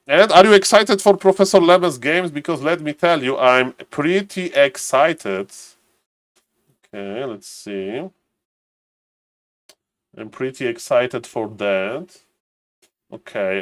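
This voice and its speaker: A smooth, medium-pitched male voice belongs to a streamer and caster chatting casually on a live stream. He greets viewers by name and thinks aloud as he waits for a match, and the audio has no room sound.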